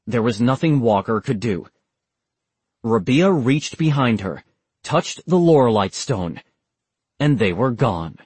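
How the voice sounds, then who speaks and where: Male audiobook narrator, husky and dry, steady measured read. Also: medium pitch, dry recording. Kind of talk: scripted narration.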